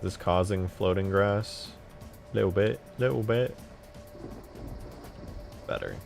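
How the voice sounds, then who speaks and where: A man casually chatting on a live stream about modding a game, excitable and profane, with sudden loud outbursts. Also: deep voice, slow pace, creaky, soft background music. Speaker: game modder streaming his work.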